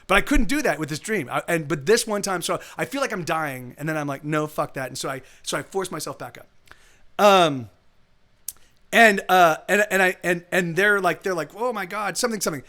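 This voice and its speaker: A man's voice: high voice, normal speed, pushed and bright. A man telling a long story in a casual, rambling way, often restarting his sentences and swearing. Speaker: streamer. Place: home streaming setup.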